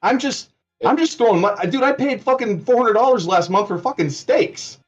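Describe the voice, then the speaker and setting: High, lively caller in his 40s, profane and boastful; dull lo-fi clip. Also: normal speed. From Minnesota. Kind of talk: heated call-in argument.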